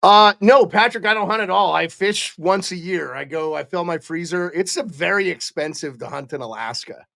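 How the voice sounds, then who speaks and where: A middle-aged man from Montana doing excitable live play-by-play for a fan stream at home, chatting with viewers between calls. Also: high-pitched, moderate pace, creaky, hardly any pauses.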